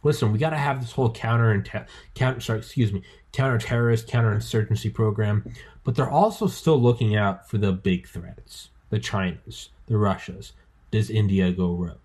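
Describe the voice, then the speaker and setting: A man in his thirties with a low, husky voice, hosting a loose podcast conversation. He gets worked up fast, swears freely, and trips over repeated words as he rambles from one idea to the next. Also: a little mellow. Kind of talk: casual podcast chat.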